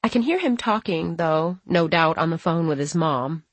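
Husky woman reading a first-person audiobook. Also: deep voice, lively intonation, normal speed, dry recording. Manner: plain, conversational storytelling. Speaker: audiobook narrator. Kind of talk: first-person scripted narration.

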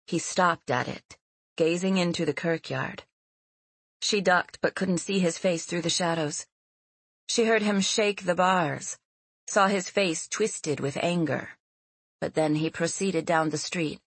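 Low-voiced woman narrating a fantasy novel. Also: husky, no room sound. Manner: measured, expressive storytelling. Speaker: audiobook narrator.

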